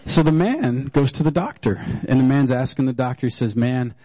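A man's voice: medium pitch, lively intonation, brisk, a little mellow, breathy edge, no room sound, poor audio. A male pastor preaching a sermon in a loose, joking storytelling way, with many fillers and restarts.

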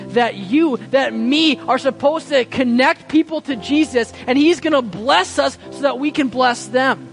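A man preaching a sermon as pastor, impassioned, swinging between loud pleading and hushed quiet lines. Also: very high-pitched.

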